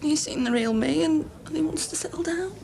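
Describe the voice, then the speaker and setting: A gravelly, tearful woman. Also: sits high, brisk, darkish tone. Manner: tearful, confiding. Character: heartbroken barmaid left by a thieving partner. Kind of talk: TV soap acting.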